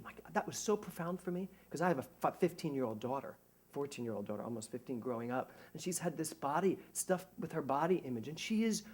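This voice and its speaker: A middle-aged man, a minister, giving a conversational sermon to a congregation, animated and joking at his own expense. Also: mid-range voice, breathy edge. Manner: animated, jokey, self-mocking. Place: church service before a congregation.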